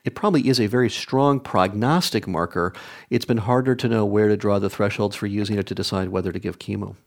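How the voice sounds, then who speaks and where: A man answering interview questions as an oncology expert, explaining in a measured, technical way. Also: fairly low pitch. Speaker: oncologist guest.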